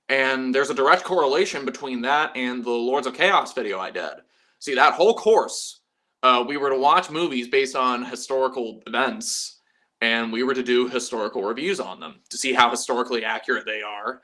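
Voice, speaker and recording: Young guy rambling on his stream, bright edgy voice, swears a lot, laughs at himself. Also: medium pitch. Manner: chatty, profane, self-mocking, laughs often. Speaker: livestream host. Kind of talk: casual livestream chat.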